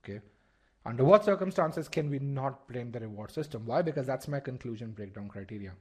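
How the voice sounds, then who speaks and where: Male test-prep instructor, mid-pitch voice, leading a live webinar, quizzes his audience, often restarts phrases. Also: animated, brisk, husky. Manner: asks the audience questions and repeats key points.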